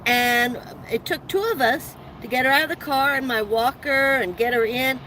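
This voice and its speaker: A woman with a somewhat high voice chats with her viewers, rambling from one story to the next, restarting her sentences and laughing along the way. She is talking from inside a van. A faint hiss of noise sits under her voice. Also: moderate pace, pushed and bright, rough recording. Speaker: livestream host. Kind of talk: casual live chat with viewers.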